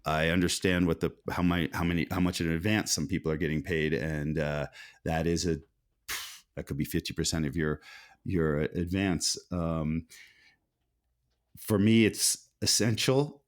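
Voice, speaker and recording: A man's voice: low voice, steady tone, a little slow. A middle-aged man, an author being interviewed, talking in a thoughtful, meandering way with frequent restarts. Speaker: author, guest. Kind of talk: conversational interview.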